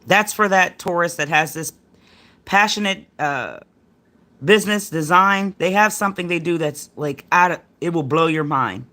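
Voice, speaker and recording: A woman's voice: lowish voice, normal speed, sharp tone. A middle-aged woman giving a casual tarot reading on a livestream, talking in a rambling, slangy, chatty way to her viewers. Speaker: tarot card reader.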